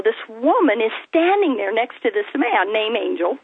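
A woman minister telling a testimony story in an earnest, animated way, acting out the people she quotes. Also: a little high, moderate pace, vocal fry, breathy edge, no echo. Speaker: guest minister. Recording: tinny phone-like line.

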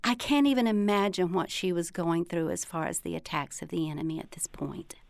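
A woman hosting a talk show who speaks slowly and softly, with empathy. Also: fairly low pitch, dry recording. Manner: slow, soft and empathetic. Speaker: host.

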